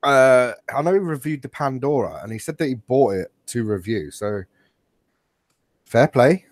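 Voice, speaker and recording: A man's voice: mid-range voice, expressive, moderate pace, dry recording. A man co-hosting a podcast, joking, laughing often and rambling through stories. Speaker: podcast co-host. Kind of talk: casual chat. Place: at home on an online call.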